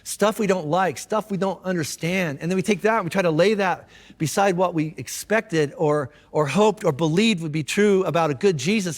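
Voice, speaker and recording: Chatty high-voiced male pastor, reverberant hall. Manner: relaxed, chatty storytelling with repeated words and slang. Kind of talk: casual conversational sermon. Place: church auditorium.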